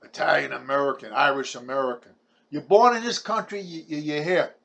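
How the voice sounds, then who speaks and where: Seventies New man, raised pitch, ranting combatively with stumbling restarts. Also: fairly quick, creaky, a bit bright. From Brooklyn, New York. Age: 70s. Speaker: vlogger. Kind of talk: ranting monologue.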